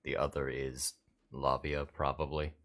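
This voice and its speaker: A man's voice: rumbling low, flat delivery, a little slow, a bit bright. A man running a tabletop role-playing game with a wry, teasing manner. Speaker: dungeon master.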